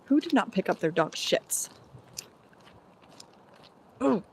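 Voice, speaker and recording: A woman's voice: medium pitch, sing-song, slow, a little mellow, slight background noise. A woman streaming live from her phone while walking outdoors, chatting casually and meandering from thought to thought with the odd sigh. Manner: rambling, meandering, with sighs. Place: outdoors on a walk.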